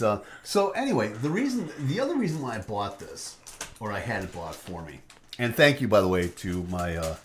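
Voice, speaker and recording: A man hosts a casual live stream, joking and laughing easily between lines. His mid-pitched voice swings widely in intonation, and faint noise sits beneath it. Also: a bit bright. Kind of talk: casual chat.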